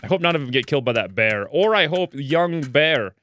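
A man chatting casually while playing a video game, excitable and chatty, his voice jumping up high when something delights him, with a slightly stuffy nose. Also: brisk. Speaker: let's play gamer. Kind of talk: casual gameplay commentary.

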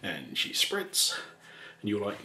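A man telling a rambling story in a soft, casual way, laughing often and slipping into whispers. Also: slow. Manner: rambling and chuckling, drops into whispers. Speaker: ASMR channel host.

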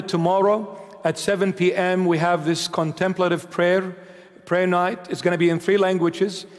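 A male bishop closes his sermon with solemn, measured blessings and prayers. His voice sits high for a man. The church around him adds a long, lingering reverb.

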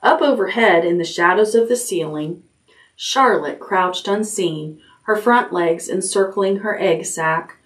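A woman librarian reading a children's chapter book aloud at bedtime, gently, raising her voice for the characters' lines. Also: unhurried. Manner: gentle storytelling, lifts pitch for character lines.

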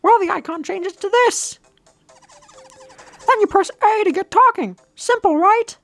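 A woman voicing a small, excitable mushroom retainer who talks in a squeaky, hurried way. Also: soft background music. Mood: chirpy.

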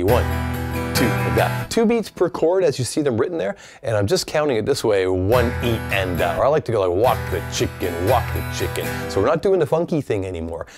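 A man teaching a guitar lesson in a relaxed, encouraging way, counting and scatting strum rhythms aloud while he plays. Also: fairly high pitch. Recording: loud guitar playing under the voice. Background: acoustic guitar strumming.

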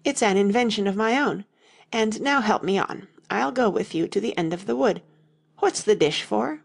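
A woman's voice: medium pitch, moderate pace, vocal fry, husky, pitched above the performer's own voice. A woman voicing a fussy, earnest old male knight inventor in an audiobook reading. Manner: earnest, anxious, solemn.

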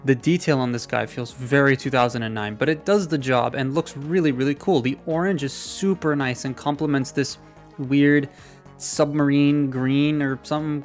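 A man talks through a toy review in a chatty, offhand way, tossing in sarcastic asides. His voice sits at an ordinary middle pitch, close on a desktop mic. Soft guitar music plays quietly underneath. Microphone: desktop USB mic.

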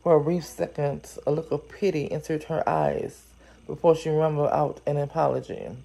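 A woman with a low, gravelly voice reads a story aloud at an unhurried pace. Her tone is dark and mellow, and she stops now and then to exclaim over what she is reading. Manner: reads steadily, then breaks in with animated, exclaiming asides. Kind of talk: story reading with chatty reactions.

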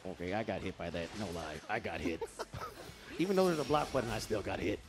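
A man giving playful, excitable live commentary on a fighting game match, acting out the players' thoughts. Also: fairly low pitch, fairly quick, over music.

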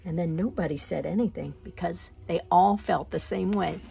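A woman reading a children's picture book aloud with gentle, expressive pacing. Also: lowish voice, moderate pace, gravelly, slightly rough. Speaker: storyteller.

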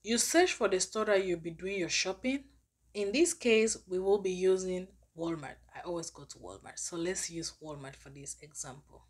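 A woman's voice: fairly low pitch, normal speed, husky. A woman giving a step-by-step tutorial on a cashback app for her vlog, explaining plainly. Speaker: finance app reviewer.

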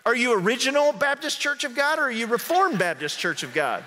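Guy playing a frantic joke rescuer, voice shooting way up, bright tone, echoey hall. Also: very high-pitched, brisk, a little hiss or hum, voice pushed up, heavily acted. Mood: excited. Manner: eager, climbing excitement. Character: frantic man talking a jumper off a bridge.

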